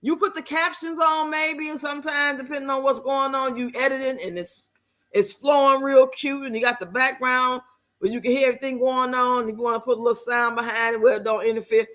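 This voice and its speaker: A woman's voice: high-pitched, fairly quick, sharp tone. A woman livestreaming, reacting bluntly to a clip and chatting with viewers in casual slang. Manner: blunt, salty, laughing commentary with slang. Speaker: livestreamer reacting to videos and reading chat. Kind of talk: casual live stream chat.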